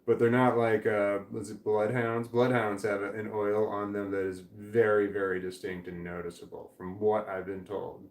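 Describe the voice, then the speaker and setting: A man's voice: lowish voice, level tone, normal speed, few pauses. A middle-aged man chatting casually as he reads live chat comments, rambling, often restarting his sentences and swearing freely. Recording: echoey room with faint background noise.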